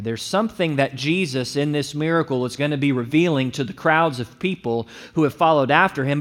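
A man preaching a sermon, explaining a passage and acting out the speakers' lines with animation. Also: medium pitch. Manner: animated, acts out the disciples' lines in a raised voice. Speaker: pastor.

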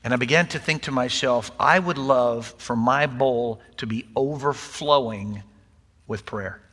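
A man's voice: medium pitch, measured pace, a bit bright. An older man preaching a sermon to his congregation in a folksy, conversational way, mixing in light humor. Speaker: pastor. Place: church sanctuary. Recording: long hall reverb.

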